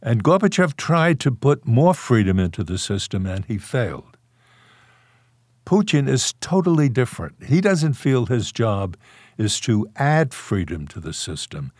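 A man's voice: mid-range voice, very animated, unhurried, darkish tone, no room sound, studio quality. An older man, a guest author in a podcast interview, telling wry stories from his past and chuckling now and then. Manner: anecdotal, wry, chuckles while recalling.

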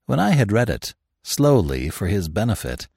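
A man narrating a classic story in a measured, expressive audiobook reading. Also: fairly low pitch, creaky, husky, no room sound, studio quality.

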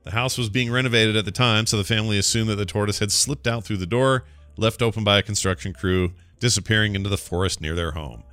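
A man co-hosting a podcast, chatting casually and reading out odd news stories with joking asides and quick self-corrections. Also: on the low side, fairly bright tone, no echo, soft background music. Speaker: podcast co-host.

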